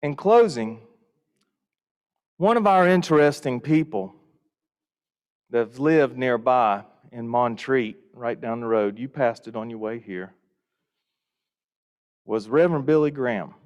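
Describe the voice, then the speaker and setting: A man's voice: medium pitch, animated, unhurried, long pauses, darkish tone. A man giving a folksy storytelling welcome speech to a conference audience. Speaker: Rotary district leader. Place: conference hall. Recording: reverberant hall.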